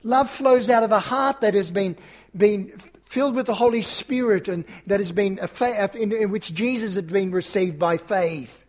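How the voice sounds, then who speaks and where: A man's voice: sits high, moderate pace. A man preaching a sermon to his congregation, then leading a prayer, in an earnest, emphatic way. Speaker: pastor.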